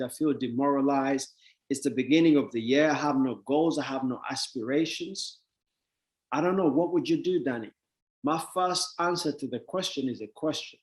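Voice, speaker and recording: A man giving a motivational talk to an audience, telling a story with emphatic, rising delivery that builds to near-shouts. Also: on the high side, echoey room. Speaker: motivational speaker.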